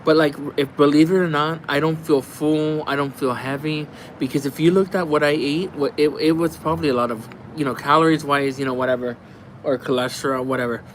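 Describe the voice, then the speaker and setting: A man's voice: a little high, fairly even intonation, fairly quick, slight background noise. A man hosting a livestream in casual chat, rambling, swearing and laughing a lot as he answers viewers. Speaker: livestream host. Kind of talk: casual chat while reading viewer comments.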